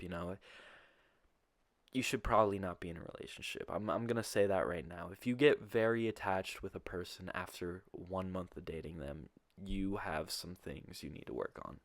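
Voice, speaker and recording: A young man casually telling a personal story, with animated, profane delivery and imitated voices. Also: fairly low pitch, normal speed, dry recording, studio quality.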